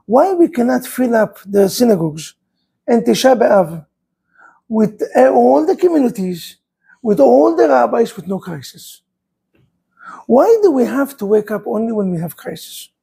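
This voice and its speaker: A man's voice: very high voice, vocal fry, warm tone, slightly rough, rough recording. A man, a rabbi, preaching an impassioned sermon full of rhetorical questions.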